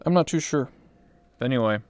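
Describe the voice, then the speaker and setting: A man's voice: mid-range voice, animated, fairly quick, darkish tone. A man hosting a casual interview, talking in a rambling way with many fillers and restarts. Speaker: interview host and streamer. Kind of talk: casual chat.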